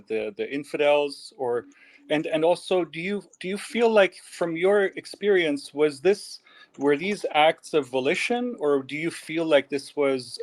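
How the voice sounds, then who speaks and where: A man's voice: mid-range voice, poor audio. A man hosting an interview, asking long questions hesitantly while he searches for words. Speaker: interview host.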